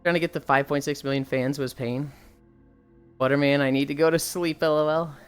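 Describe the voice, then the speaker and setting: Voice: medium pitch, steady tone, fairly quick, smooth, faint music behind. A livestreamer chatting casually and reading viewer messages aloud, blunt and sighing often, swearing freely.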